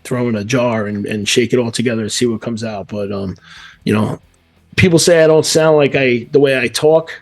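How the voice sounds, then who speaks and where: A man's voice: mid-range voice, a little fast, a little mellow, faint music behind. A man from New York with a New York accent, a metal band vocalist chatting casually in an interview, rambling with many fillers and restarts.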